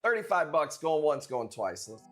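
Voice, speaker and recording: Brash, lively-voiced male streamer. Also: on the high side, moderate pace. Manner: profane, brash joking banter. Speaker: live streamer. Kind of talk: casual live-stream chat.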